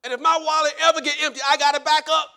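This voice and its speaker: Male evangelist, very high voice, bright and forceful delivery, preaching style, shouts at the peaks. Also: racing. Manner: animated preaching with shouted peaks, laughs and folksy storytelling. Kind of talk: sermon.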